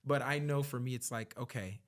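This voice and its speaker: Male podcast guest, animated storyteller, earnest, acts out dialogue. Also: medium pitch, fairly quick. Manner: earnest and reflective when talking about his work and faith. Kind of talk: conversational storytelling.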